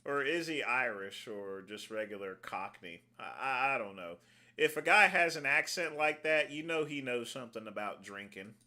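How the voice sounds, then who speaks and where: A man's voice: mid-range voice, lively intonation, normal speed, sharp tone. A man hosting a livestream, making crude, mocking asides about the clips he plays. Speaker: livestream host. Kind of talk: casual commentary over played clips.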